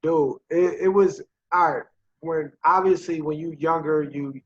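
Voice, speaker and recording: A man with a fairly high voice chats casually as a podcast co-host. He sounds easygoing and joking, and he uses loose fillers and slang. The recording sounds a little muffled. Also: fairly even intonation, unhurried. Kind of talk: casual chat.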